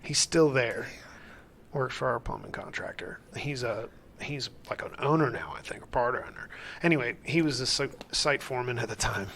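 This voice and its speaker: A man's voice: medium pitch, normal speed, fairly bright tone, a little hiss or hum. Self-deprecating middle-aged man chatting. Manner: self-deprecating storyteller, acts out quotes. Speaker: co-host, construction manager. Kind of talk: casual podcast chat.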